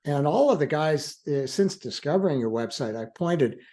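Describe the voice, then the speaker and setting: A man's voice: a little high, expressive, normal speed, dark tone. An older man, a guest in an interview, speaking earnestly in a reflective, conversational way with frequent restarts and fillers. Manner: earnest, laughs easily. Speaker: guest, attorney in recovery.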